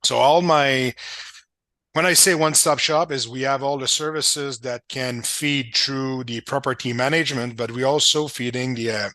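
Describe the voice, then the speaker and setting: Older man, French Canadian accent, interview guest; bright, forceful tone, dry close sound. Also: medium pitch, fairly even intonation, normal speed, no echo. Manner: speaks in short restarting phrases with fillers. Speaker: guest, property business owner. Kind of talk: interview talk.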